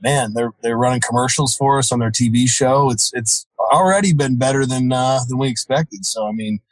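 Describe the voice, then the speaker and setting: A man's voice: mid-range voice, moderate pace, dry recording, rough recording. A man who wrestles professionally, talking upbeat in a casual chat and swearing casually. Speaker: pro wrestler guest.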